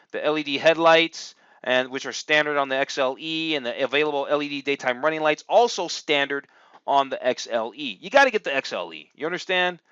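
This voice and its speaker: Chatting over a screen share, a casual car reviewer stays upbeat and fills his thinking aloud with plenty of "uh"s. He has a medium-pitched, fairly bright male voice with a clean tone, captured with no echo on a dry, dull-sounding home mic.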